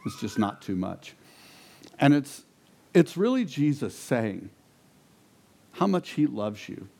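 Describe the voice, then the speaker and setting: Animated man preaching a story. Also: mid-range voice. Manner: animated, rising to emphatic peaks. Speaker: pastor. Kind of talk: sermon storytelling.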